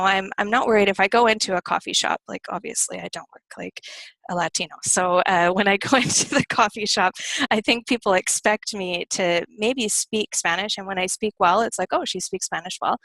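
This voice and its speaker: Relaxed American woman teaching online. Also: mid-range voice, no room sound. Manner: relaxed, conversational and personal. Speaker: English teacher. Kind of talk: live online lesson.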